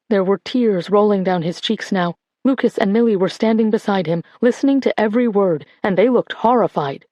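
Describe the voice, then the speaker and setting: Woman audiobook narrator, measured and clear, mid pitch, dry close recording. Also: darkish tone, dry recording. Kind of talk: scripted narration.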